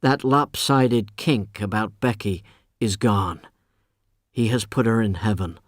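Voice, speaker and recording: A male audiobook narrator reading a literary novel in a measured, even way. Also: lowish voice, no room sound, clean studio sound.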